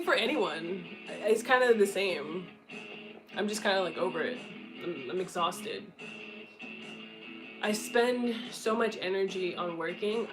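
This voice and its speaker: A woman's voice: on the low side, poor audio. Blunt, profane young woman chatting. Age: 20s. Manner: blunt, profane, frequent laughter. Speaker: content creator answering questions. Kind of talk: casual candid chat.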